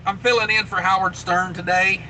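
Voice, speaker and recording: A man's voice: high-pitched, flat delivery, moderate pace, sharp tone, a little hiss or hum, rough recording. A man hosting a trucker livestream, chatting casually and reading viewer comments aloud. He talks in a laid-back, rambling way, with lots of fillers and repeated phrases.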